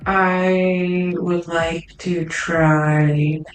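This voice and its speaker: A woman's voice: on the low side, little pitch movement, very slow, roomy sound, faint music behind, poor audio. A woman player at a tabletop game, chatting in a rambling, hesitant way. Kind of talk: casual chat at a tabletop game.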